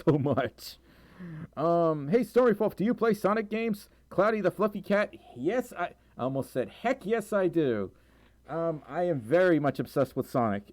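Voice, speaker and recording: Hoarse, worn out and repeatedly coughing, a young streamer stumbles through reading donations and chat aloud, filling his rambling with lots of ums and uhs. His voice is mid-range with a darkish tone, and the recording is dry.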